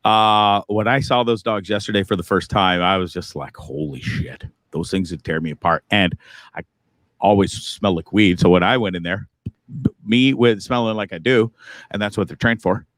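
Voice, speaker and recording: A man's voice: fairly low pitch, fairly even intonation, moderate pace, fairly bright tone, no echo. Laid-back man hosting a live show. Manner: laid-back, chatty, sighing. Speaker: host of a live online show. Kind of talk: casual live-show chat.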